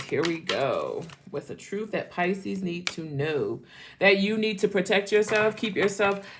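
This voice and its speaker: A woman's voice: fairly low pitch, fairly bright tone, a little hiss or hum. A woman giving a casual, chatty tarot reading, repeating phrases and laughing often. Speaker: tarot reader.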